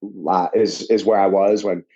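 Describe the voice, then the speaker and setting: Pittsburgh guy, boxing coach on a podcast, joky and rambly, kinda husky, bit muffled audio. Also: low voice. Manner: animated and joking, quick tangents and restarts. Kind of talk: casual chat.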